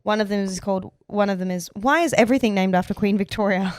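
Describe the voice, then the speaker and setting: A woman's voice: mid-range voice, fast. A woman co-hosting a podcast, chatting casually and reading out facts she looks up. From Australia. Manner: chatty, reads facts aloud, many fillers. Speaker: podcast co-host. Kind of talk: casual chat.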